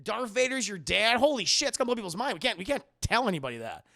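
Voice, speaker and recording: A man's voice: high-pitched, big pitch swings, fast, creaky, sharp tone, no echo, clean studio sound, voice pushed up, heavily acted. A man doing a frantic, shocked young princess. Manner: frantic, swearing, incredulous. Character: exasperated panicked young princess, woman.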